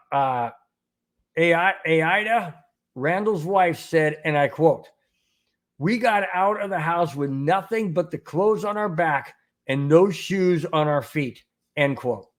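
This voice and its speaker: A middle-aged man hosting a sports podcast, talking casually with many repeats and restarts while greeting viewers in the chat. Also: on the high side. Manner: rambling, repeats words, reads chat aloud. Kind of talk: casual live-stream talk.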